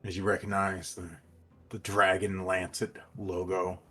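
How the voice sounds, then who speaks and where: A man narrating as game master of a tabletop role-playing game, halting and full of fillers as he describes scenes. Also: low-pitched, completely flat delivery, sharp tone, slightly rough, faint music behind. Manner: hesitant, filler-heavy description.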